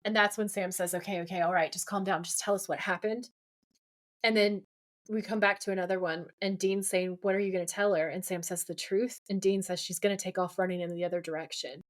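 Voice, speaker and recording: A woman's voice: lowish voice, steady tone, brisk. A woman co-hosting a podcast, retelling a TV episode in casual chat, quoting lines and ranting along the way. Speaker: podcast co-host.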